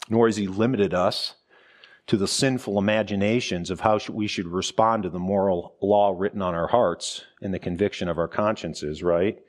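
A middle-aged man, a pastor, preaching a conversational sermon full of rhetorical questions and asides. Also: on the low side.

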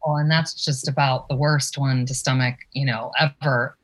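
A woman's voice: a bass voice, steady tone, moderate pace. A woman in casual chat, reflective, asking probing rhetorical questions.

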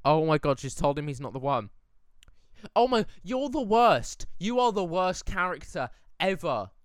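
A man giving excitable, casual reaction commentary to a movie, talking back to the screen and humming along. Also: a little high, unhurried, dry recording.

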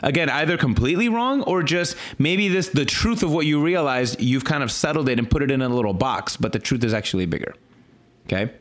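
A man, a pastor, talking through his sermon in a casual, animated way, often restarting and stuttering, swinging between high exclaims and low earnest lines. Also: brisk. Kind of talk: casual sermon follow-up talk.

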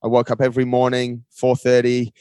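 A male guest recounts his story with animated energy, dropping "mate" into nearly every sentence. His voice sits in a middle register. The recording is dry and close, with no room sound. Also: mid-range voice, fairly quick, clean tone, no echo. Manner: animated, often says "mate". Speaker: podcast guest. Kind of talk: casual storytelling conversation.

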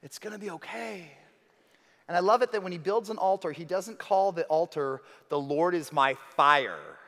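A man preaching a sermon as pastor, dramatic, moving between hushed lines and emphatic ones. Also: on the high side, expressive, moderate pace. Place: church hall. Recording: reverberant hall.

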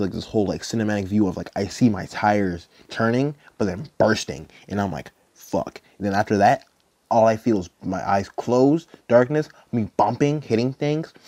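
A man's voice: fairly low pitch, moderate pace, a little mellow, no room sound. A young man hosting a podcast, telling a personal story in a rambling, casual way, full of "like" and swearing. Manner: rambling, heavy use of "like", profane. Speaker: podcast host.

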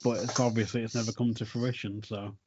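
A man hosting a podcast in casual chat, telling a story with halting restarts. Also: lowish voice, level tone, darkish tone, slight background noise. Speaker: podcast host. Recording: dull lo-fi podcast audio.

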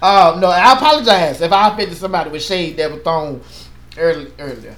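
Male pastor, fairly high voice, earnest and passionate, echoey room. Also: a little fast, a little hiss or hum. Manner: earnest, passionate, animated with playful asides. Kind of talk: casual chat.

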